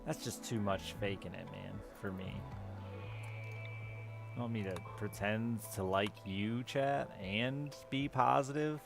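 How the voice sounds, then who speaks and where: Male game streamer, gravelly, wry and self-mocking, talking to chat into a desk mic. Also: lowish voice, fairly even intonation, measured pace, pauses often. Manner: sardonic, self-deprecating, talks to chat. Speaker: live streamer. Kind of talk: casual chat while playing a game on stream. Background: game music.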